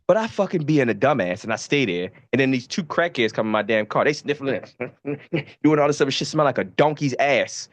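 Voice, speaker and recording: A man from Baltimore, a podcast co-host, telling stories in a profane, animated casual way. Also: mid-range voice, quick pace, few pauses, no room sound. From Baltimore, USA. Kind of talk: casual storytelling.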